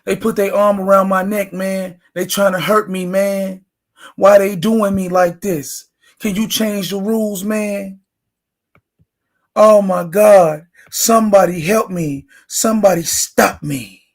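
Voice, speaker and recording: A man's voice: sits high, steady tone, slow pace, full character voice. A man putting on the voice of a whining basketball star who pleads and complains about being fouled. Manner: whiny, pleading.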